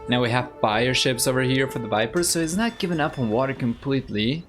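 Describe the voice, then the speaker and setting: Argentine guy casting a strategy game live, laid back, chatting with chat, mid pitch, faint music behind. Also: brisk. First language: Spanish. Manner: easygoing, thinks aloud, chats with viewers. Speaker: game caster and streamer.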